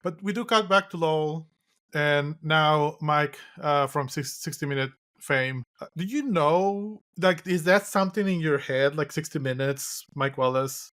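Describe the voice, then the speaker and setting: A man co-hosting a podcast, recapping a film in casual chat with a halting, wry, rambling delivery. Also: fairly high pitch, fairly bright tone. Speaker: podcast co-host.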